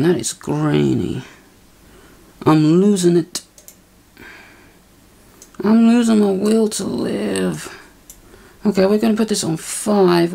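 A woman with a lowish voice mutters her way through a casual tinkering vlog, grumbling and poking fun at herself. She takes her time, drawling her words slowly and unhurriedly. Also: gravelly, darkish tone. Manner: grumbling, self-mocking muttering. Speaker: video maker.

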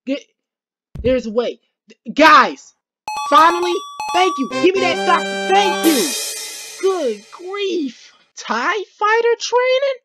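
A woman hosting a gaming video, commentating a let's play with excited yelps, shouts and slangy chatter. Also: extremely high pitch, faint music behind. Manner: slangy, repeats phrases rapidly.

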